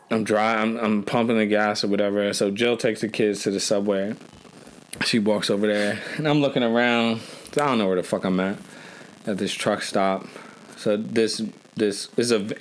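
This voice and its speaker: A man casually telling a road trip story on a podcast, loose and profane, with lots of restarts. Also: on the low side.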